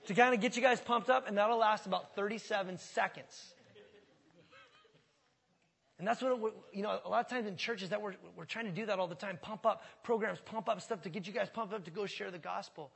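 A man in his thirties from the Pacific Northwest, preaching a sermon as pastor, earnest and shifting between hushed asides and fervent calls. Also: high voice, fairly quick, creaky, breathy edge, long reverb tail. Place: church sanctuary.

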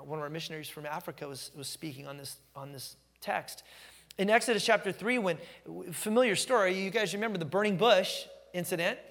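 A middle-aged pastor delivers a sermon with emphatic, animated storytelling, stretching out phrases he wants to land. His voice sits high for a man. The sound rings with the long reverb of a church hall.

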